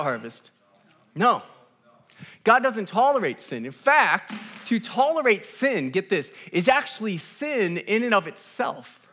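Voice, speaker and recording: A man pastor preaching a live church sermon to a congregation, energetic and repeating key lines for emphasis. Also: high-pitched.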